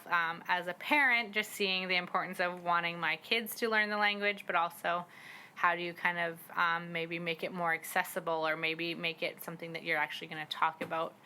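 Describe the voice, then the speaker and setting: A young woman from the Squamish Nation talks casually as a guest, a parent learning her language. Her voice sits a bit low yet sounds bright and forceful, full of fillers and laughter. She speaks outdoors in a garden, with a faint hum of ambience behind her. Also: rough recording. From Squamish Nation, British Columbia, Canada. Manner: chatty, many fillers, laughs and acts out quotes. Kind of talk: casual conversation.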